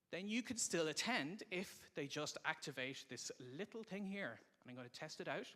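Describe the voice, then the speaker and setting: Speaking into a microphone before a conference audience, a man gives a live presentation with a conversational, explanatory manner. His voice is a little high and a bit bright.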